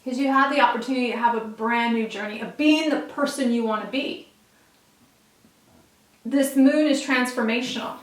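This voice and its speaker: A woman with a higher-pitched voice does a casual tarot reading for her viewers, speaking earnestly and emphatically straight to them at a normal pace. She's recorded from a distance, a bit off-mic, with a roomy echo.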